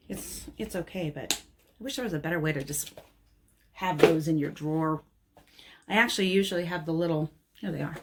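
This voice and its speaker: A woman nail technician with a medium-pitched, slightly bright voice shows off nail art supplies she bought. She chats casually and bluntly in a product haul.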